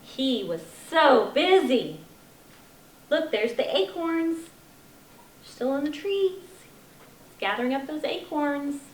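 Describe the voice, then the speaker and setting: High-voiced woman reading to kids. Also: lively intonation, slow pace, long pauses, a little hiss or hum. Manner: sing-song, asks the children questions. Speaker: children's librarian. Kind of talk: reading a picture book aloud to young children. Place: children's library. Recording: echoey library room.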